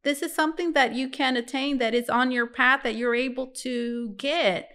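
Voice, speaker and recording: Chatty, bright-voiced woman tarot reader. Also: high voice, fairly even intonation, normal speed. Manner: musing, chatty, addresses viewers as guys. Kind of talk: casual tarot reading to viewers.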